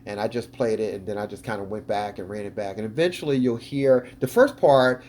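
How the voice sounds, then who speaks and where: A man's voice: lowish voice, a little fast, hardly any pauses, darkish tone. A man hosting a video, talking casually and eagerly over footage, with lots of ums and restarts. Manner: chatty, enthusiastic, many ums. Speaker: video host analyzing footage.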